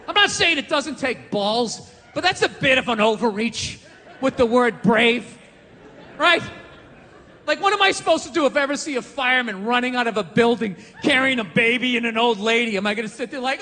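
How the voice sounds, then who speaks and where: A man's voice: extremely high pitch, animated, moderate pace, bright, forceful tone. A man in his forties doing a profane, exasperated stand-up rant on a comedy stage with a handheld mic. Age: 40s. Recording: live hall reverb, faint noise.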